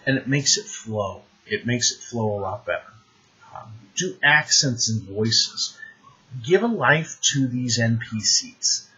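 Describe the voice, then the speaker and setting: Brief: male game master with a raspy, bright voice, chatty and animated, on a dull lo-fi recording. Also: medium pitch, slow. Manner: animated, conversational, many restarts. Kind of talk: advice talk to the camera.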